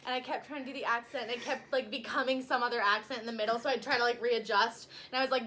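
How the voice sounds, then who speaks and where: Bright high-voiced young woman telling stories. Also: fast, hardly any pauses. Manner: animated storyteller, many "like" fillers, laughs often. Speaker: co-host. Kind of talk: casual chat.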